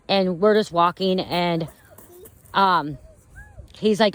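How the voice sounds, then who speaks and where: A woman's voice: on the low side, measured pace, pauses often, poor audio. A young woman telling a story to her viewers, in a rambling way with lots of "okay" and "you guys", filmed on a phone while she walks along a street. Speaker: vlogger. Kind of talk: casual vlog story. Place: outdoors walking on a neighborhood street.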